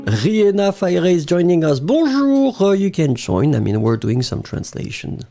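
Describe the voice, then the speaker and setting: A man's voice: on the high side, big pitch swings, moderate pace, vocal fry, music in the background. A middle-aged French man with a French accent, teaching a live online lesson in a chatty way, often laughing and slipping into French. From France.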